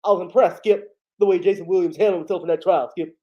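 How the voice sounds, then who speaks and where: A man doing an impression of a boastful male sports pundit, loudly repeating his co-host's name. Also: high voice, steady tone, quick pace, dull audio, close to an everyday voice.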